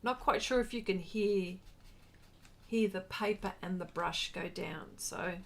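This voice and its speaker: A woman's voice: mid-range voice, measured pace, creaky. An Australian woman hosting a casual art livestream, chatting and answering viewer comments in a rambling, friendly way. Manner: brightens and rises when greeting viewers.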